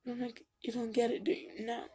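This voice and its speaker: A woman's voice: fairly high pitch, flat delivery, a little fast, darkish tone, husky. A woman vlogging casually at home into her camera mic, rambling with lots of fillers and getting emotional. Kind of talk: casual confessional vlog. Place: home room.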